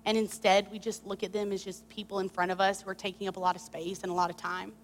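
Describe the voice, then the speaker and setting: A woman's voice: mid-range voice, fast talker, long reverb tail, slight background noise. Candid woman preacher telling a story. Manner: candid, animated storytelling with confessional tone. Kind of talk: sermon with personal story.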